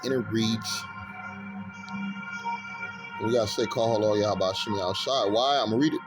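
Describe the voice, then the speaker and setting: A man with a fairly low voice preaches on the street, reading Bible verses aloud and breaking into loud, fervent, laughing commentary in casual slang. He takes his time while looking up verses, and music plays underneath his voice.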